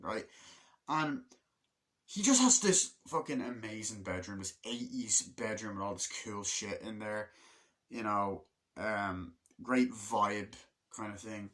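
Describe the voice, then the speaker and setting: A man's voice: on the low side, slow, fairly bright tone. A man giving a casual movie review, rambling through scenes, swearing a lot and acting out moments as he goes.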